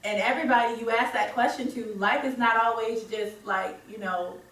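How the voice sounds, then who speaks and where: A woman's voice: on the high side, steady tone, normal speed, fairly bright tone. A woman facilitating a workshop, engaging the group and checking in often as she talks. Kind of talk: interactive training talk. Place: training room. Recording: echoey room, distant mic, faint noise.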